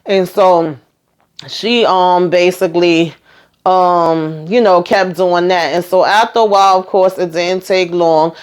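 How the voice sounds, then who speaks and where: A woman with a smooth, clear voice gives a chatty, opinionated recap of a reality TV episode. She talks casually and with plenty of sass. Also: lowish voice, steady tone, measured pace. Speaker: reality show recap host.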